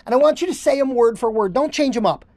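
A woman's voice: sits high, expressive, fast, a little mellow, no room sound. A woman hosting a podcast, coaching haircutters and drilling phrases word for word with emphatic repetition. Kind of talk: instructional podcast monologue.

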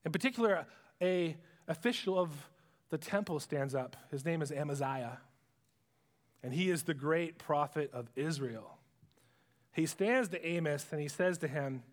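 A male preacher telling a Bible story as a sermon, with dramatic swings between hushed lows and excited highs. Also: normal speed, in a large hall.

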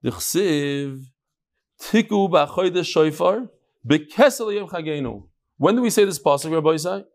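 A man's voice: on the high side, lively intonation, moderate pace, a little mellow. Chatty man teaching a Talmud class. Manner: chants Aramaic text, then explains in chatty English; jokes and bickers with students. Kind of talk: casual daily Talmud class. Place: room with a live study group.

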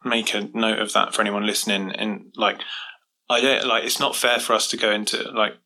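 A man hosting a casual interview, speaking in a reflective, measured way. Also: fairly low pitch, little pitch movement, pushed and bright, low-quality recording.

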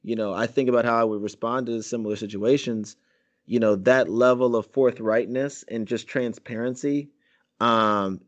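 A man's voice: mid-range voice, fairly even intonation, normal speed. A man co-hosting a casual podcast chat, talking emphatically in slang about a TV episode and agreeing often. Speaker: podcast co-host.

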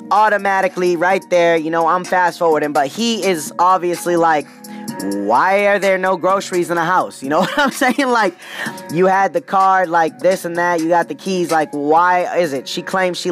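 High-voiced, animated male storyteller. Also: normal speed, faint music behind. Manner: animated, slangy, addresses listeners directly. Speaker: podcast host. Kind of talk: comedic storytelling monologue.

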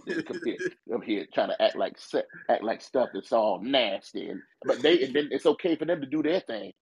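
A middle-aged man, a pastor, talking casually and jokingly on a podcast, animated and repeating himself as he goes. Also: mid-range voice, brisk, slightly rough, poor audio.

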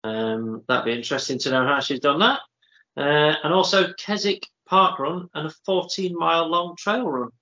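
Upbeat man co-host, bright forceful tone, dull lo-fi sound. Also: on the high side, moderate pace. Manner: upbeat, jokey shout-out reader. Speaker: podcast co-host. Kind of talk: casual chat.

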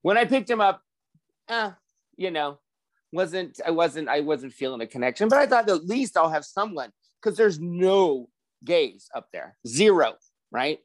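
A man around sixty hosting a casual podcast chat, telling a long personal story in an animated way and acting out what other people said. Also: fairly high pitch, a little slow, no room sound. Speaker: podcast host.

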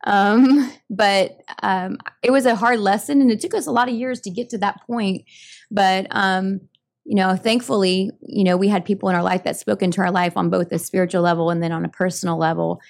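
A woman speaking casually during a church service, hesitant and soft, with many ums. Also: mid-range voice, steady tone, a little fast, vocal fry. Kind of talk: casual talk during a sermon.

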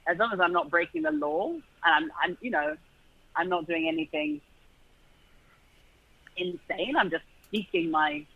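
A man's voice: sits high, lively intonation, unhurried, pauses often, dry recording, phone-quality sound. A man with a British accent, chatting as an interview guest, restarting his sentences and laughing easily. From Britain. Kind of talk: casual interview chat.

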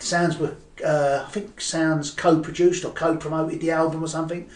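An older Cockney man with a slightly high voice chats as an interview guest, rambling through his stories with restarts and fillers. He sits back from the mic in an echoey room. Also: level tone, moderate pace, far from the mic. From East End of London. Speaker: guest poet. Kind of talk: casual interview chat.

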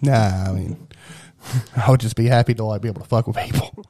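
A man's voice: lowish voice, a little fast, mellow. A man co-hosting a podcast in casual, profane chat, sarcastic and telling stories. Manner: crude, sarcastic, storytelling. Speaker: podcast co-host.

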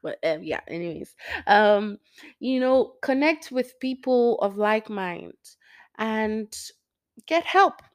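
A woman's voice: on the high side, expressive, slow. A young woman talking casually to listeners about faith, rambling and correcting herself, sometimes dropping to a near-whisper. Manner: rambling, self-correcting, laughs often, drops to near-whisper. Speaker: Christian speaker.

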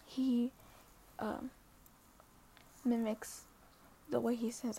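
Soft, gravelly teenage girl vlogging. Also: on the high side, flat delivery, a little slow, pauses often, slight background noise. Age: teens. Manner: earnest and hesitant, many fillers, often half-whispered. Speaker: social media poster. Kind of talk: casual vlog monologue.

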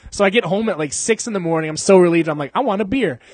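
A young man telling a long story in casual chat, animated and full of swearing and laughter. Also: high voice, fast talker, no echo.

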